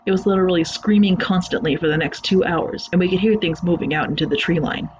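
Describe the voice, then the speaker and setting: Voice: medium pitch, fast talker, slight background noise. Dull-sounding horror story narrator. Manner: plain conversational first-person retelling. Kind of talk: reading a horror story aloud.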